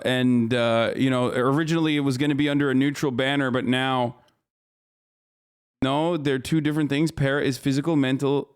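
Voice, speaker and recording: A man's voice: a little high, clean tone. A man streaming live, giving casual, profane and incredulous commentary as host.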